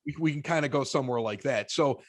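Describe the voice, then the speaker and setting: A man with a Chicago accent, a podcast guest telling stories in casual chat, animated and often stammering through restarts. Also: medium pitch, fast, dry recording. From Chicago, United States.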